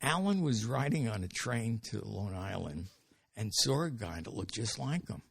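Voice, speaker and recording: An older man from Brooklyn, a comedian, telling animated stories as a podcast guest with frequent restarts. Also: lowish voice, normal speed, vocal fry, breathy edge, no room sound. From Brooklyn, New York. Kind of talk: podcast storytelling.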